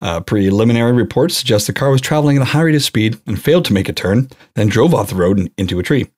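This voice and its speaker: A man's voice: fairly low pitch, expressive, quick pace, a little mellow. A man co-hosting a podcast in casual chat, reading news stories aloud in an easygoing way with fillers.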